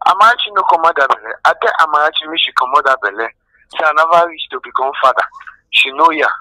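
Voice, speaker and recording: A man's voice: fairly high pitch, expressive, bright, forceful tone, no echo, rough recording. A man playing a dismissive young man who denies fatherhood, talking bluntly in Nigerian Pidgin. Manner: blunt, rapid, brushing off.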